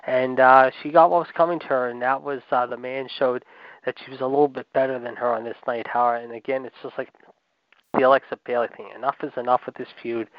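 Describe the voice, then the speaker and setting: A man's voice: medium pitch, dry recording. A man co-hosting a wrestling podcast, ranting heatedly and rambling with repeated filler words. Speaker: podcast co-host. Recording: dull lo-fi dry sound.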